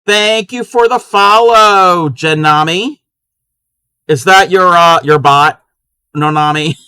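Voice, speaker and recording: A man chatting casually with his live-stream chat while crocheting, sometimes counting stitches quietly to himself. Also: high voice, takes it slowly, clean tone, no echo.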